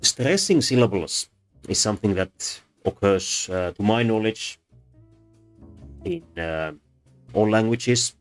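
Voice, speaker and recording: A man's voice: on the low side, animated, slow, long pauses, faint music behind. A man giving an unscripted talk on language sounds, thoughtful and hesitant, with frequent fillers and restarts. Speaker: presenter. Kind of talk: unscripted explanatory lecture.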